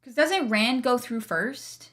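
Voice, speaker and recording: A woman's voice: fairly high pitch, slow, a bit bright. A woman co-hosting a live book club show, chatting casually, agreeing often and swearing now and then. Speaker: book club podcast co-host. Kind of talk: casual livestream chat.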